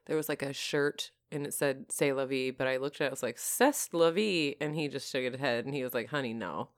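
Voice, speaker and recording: Low-voiced crude podcast woman. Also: little pitch movement, quick pace, no echo, studio quality. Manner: crude, laughing, playful banter. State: married. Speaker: podcast co-host. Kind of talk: casual chat.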